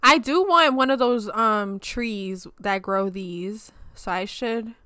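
A woman's voice: mid-range voice, slow, smooth, dry recording, studio quality. A young woman giving chatty, playful let's-play commentary as she plays a life-sim game. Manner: chatty, animated, playful slang, frequent laughs. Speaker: gaming channel host.

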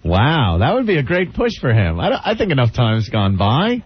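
A man's voice: medium pitch, wildly swooping pitch, normal speed, slightly rough. A male radio co-host in casual banter, making sardonic, jokey asides. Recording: dry, muffled lo-fi radio broadcast.

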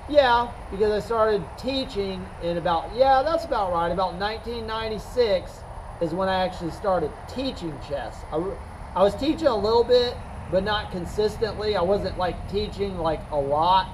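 Slow, emphatic chess coach, high voice. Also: male voice, background noise. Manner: rambling, emphatic, repeats himself. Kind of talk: unscripted talk to camera.

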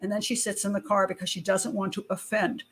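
Speaking in a mid-range voice that is flat in delivery, a little quick, fairly bright, and edged with breathiness, an older woman hosts true-crime commentary. As a criminal profiler and channel host, she addresses viewers directly with frank opinions, casual asides, and rhetorical questions.

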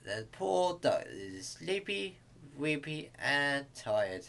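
A man reading a bedtime story aloud to kids, in a halting way with small restarts. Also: fairly high pitch, very animated, vocal fry, fairly bright tone.

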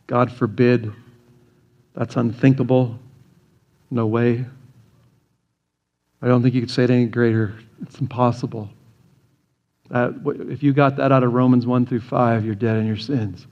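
A man's voice: mid-range voice, fairly even intonation, measured pace, pauses often, highs cut off. A man preaching a sermon as pastor, earnest and emphatic, building through rhetorical questions. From United States. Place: church sanctuary.

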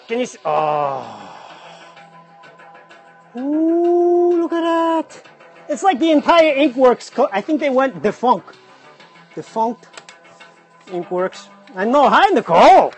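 A man hosting a casual livestream, excitedly exclaiming over items as he unboxes them on a phone mic. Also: very high-pitched. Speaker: livestream host.

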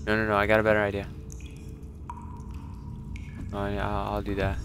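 A man streaming a survival game, commenting live as he plays, cursing often and jumping from low muttering to panicked yelling. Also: monotone, normal speed, a little hiss or hum. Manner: swears a lot, swings from muttering to panicked yelling.

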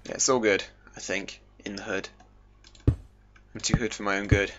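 A young man casually commentating his gameplay, goofy and chatty, joking with himself. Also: moderate pace. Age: young adult. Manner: chatty and goofy, jokes to himself, lively pitch jumps. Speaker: gaming YouTuber. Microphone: desk microphone. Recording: dull home mic with faint hiss.

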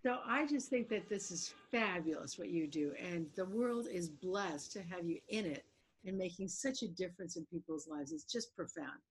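Husky-voiced gushing woman host. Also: lowish voice, lively intonation, moderate pace, low-quality recording. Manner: effusive, praising. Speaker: talk show host. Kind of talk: interview chat.

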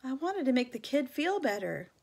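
A woman's voice: high voice, sing-song, normal speed, creaky, a little mellow, husky, pitched above the performer's own voice, exaggerated voice. A woman voicing a small, loyal male stray dog who coaxes and insists. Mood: coaxing. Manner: coaxing, insistent.

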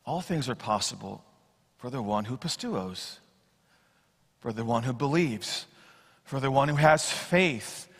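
Bright-voiced preacher man, hall echo. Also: medium pitch. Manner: expository preaching, acts out Bible quotes, swings from loud to hushed. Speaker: pastor. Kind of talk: sermon. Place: church sanctuary. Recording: long church hall reverb.

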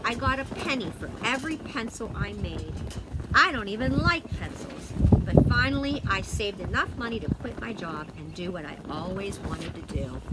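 Storybook figure: kindly old man, sentimental and grateful, read by a woman, with animated inflection. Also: high-pitched, moderate pace, very noisy. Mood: earnest grateful. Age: older. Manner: earnest, sentimental. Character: kindly tearful old pencil maker man.

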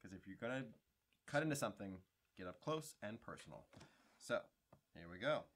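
Young male co-host, low-pitched, easygoing and wisecracking. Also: big pitch swings, a little fast, noisy background. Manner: laid-back, jokey, describes items as he unpacks. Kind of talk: casual unboxing chat.

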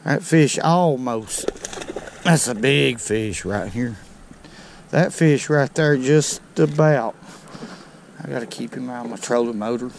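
Male fishing vlogger, unhurried and folksy, outdoors on a boat with faint background noise. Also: medium pitch, gravelly. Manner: folksy, excitable, talks to viewers as "y'all". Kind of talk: casual on-the-water commentary.

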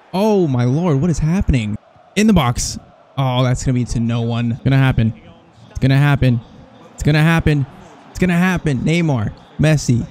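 A young man commentating over his own football video game, excitable and jokey, swinging between hype and mock despair. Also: mid-range voice. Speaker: gaming YouTuber.

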